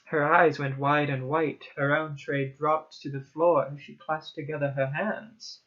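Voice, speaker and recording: Male horror-story reader, higher-pitched, dramatic, lo-fi home mic. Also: little pitch movement, measured pace. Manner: dramatic first-person narration, hushed at tense moments. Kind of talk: horror story read aloud.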